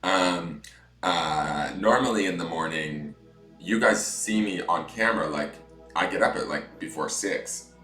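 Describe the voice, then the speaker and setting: A man with a deep morning voice, chatting on a tarot livestream and guiding a breathing meditation. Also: unhurried, sharp tone, reverberant, soft background music. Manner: chatty, reads viewer comments aloud. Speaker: tarot reader.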